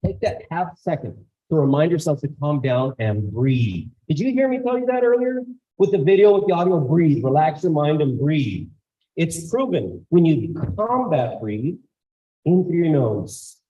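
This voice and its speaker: In a school auditorium, a man with a voice on the high side tells stories to school staff at a moderate pace. As the guest speaker, he animates his tales by acting out each character's voice, and the sound is lo-fi.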